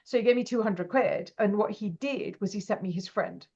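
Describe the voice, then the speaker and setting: A woman, an interview guest, telling her story with animated energy and acting out the lines of people in it. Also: mid-range voice, normal speed. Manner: animated, acts out quoted dialogue. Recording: dull lo-fi audio.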